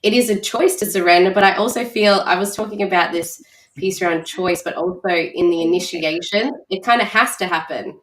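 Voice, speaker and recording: A woman's voice: on the low side, a little fast, echoey room, rough recording. A woman hosting a podcast, speaking in a reflective, thoughtful way. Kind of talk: podcast conversation.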